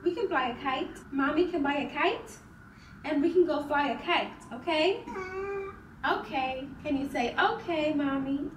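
A woman's voice: high voice, normal speed, slight background noise. A young woman filming a home vlog, talking in a playful sing-song way to her toddler and chatting casually to viewers. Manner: sing-song baby talk, playful and animated. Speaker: vlogger and mom. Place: home, indoors. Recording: roomy, slightly distant home camera audio.

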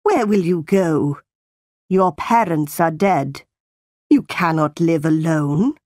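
A woman's voice: sits low, takes it slowly, a little mellow, no room sound, studio quality, pitched below the performer's own voice. A woman voicing a cold, harsh aunt who scolds a young girl.

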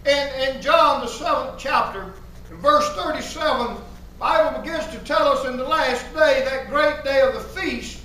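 A man's voice: very high-pitched, normal speed, bright, forceful tone, a little hiss or hum. A man preaching a sermon in a church as the pastor, fervently repeating his key phrases and reading scripture aloud. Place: church sanctuary. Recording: echoey church from far off.

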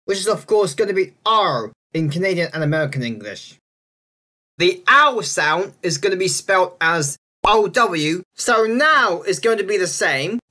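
A woman's voice: medium pitch, pushed and bright. A woman narrating a casual explainer video over slides, chatty and often checking in with a rising "yeah?". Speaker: video creator explaining spelling reform.

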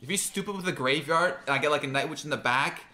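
A young man giving excitable, jokey running commentary on his own gameplay, talking to himself as he plays. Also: a little high, fast. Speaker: gaming creator.

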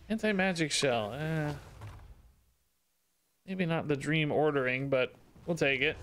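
A man's voice: lively intonation, brisk, pushed and bright, smooth. A man streaming a card game live, chatting casually and cooing in baby talk between his commentary on the game. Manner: bouncy, sing-song pitch jumps.

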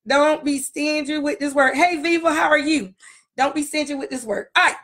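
A woman's voice: sits high, fairly even intonation, moderate pace, fairly bright tone. A woman pastor opening a casual livestream teaching, greeting viewers by name and repeating her phrases.

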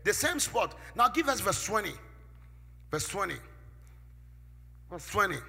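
A man preaching a sermon from the pulpit, with call-and-response, swinging from loud shouts to near-whispers. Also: high voice, very animated, a little slow, gravelly, slightly rough. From Ghana. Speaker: pastor. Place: church sanctuary. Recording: echoey church hall with music behind.

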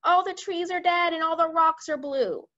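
A woman voicing a panicky, blustering air force chief who shouts. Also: on the high side, animated, measured pace, dull audio, full character voice. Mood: exasperated.

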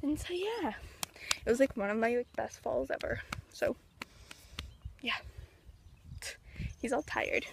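A woman's voice: fairly high pitch, lively intonation, measured pace, creaky, long pauses, slight background noise. A woman chatting casually in a riding vlog, filling her talk with "like" and coaxing her horse along as she rides. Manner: chatty, full of "like" fillers. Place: outdoors at a barn, on horseback.

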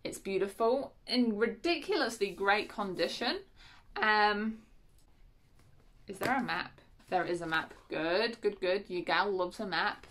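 A woman's voice: mid-range voice, measured pace, a bit bright. A woman chatting casually as she unboxes books at home, correcting herself often and giggling. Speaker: book vlogger.

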